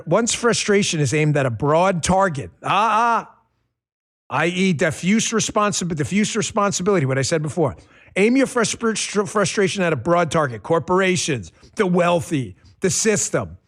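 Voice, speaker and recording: A man in his fifties hosting his own talk show, delivering a fired-up monologue that swings from muttered asides to near shouting. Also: high voice. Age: 50s. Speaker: podcast host.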